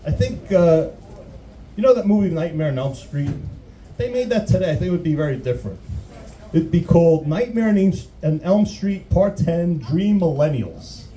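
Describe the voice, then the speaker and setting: A man's voice: on the high side, lively intonation, moderate pace, dark tone, rough recording. A man doing a crude, rambling stand-up comedy routine, often restarting his sentences. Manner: rambling, crude, self-interrupting.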